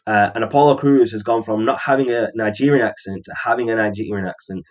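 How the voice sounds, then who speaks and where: Male podcast co-host, slightly low voice, loose rambling delivery full of ums. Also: steady tone, fast. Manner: rambling, frequent ums and restarts. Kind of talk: casual wrestling chat.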